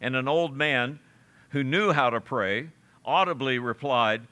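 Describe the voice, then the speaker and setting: A man's voice: medium pitch, a little slow, sharp tone. A pastor preaching a conversational sermon, reading scripture aloud and chuckling at his own stories.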